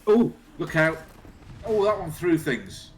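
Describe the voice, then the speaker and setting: A man's voice: a little high, very animated, slow, a little hiss or hum. A man co-commentating a game livestream, chatty, joking and swearing freely.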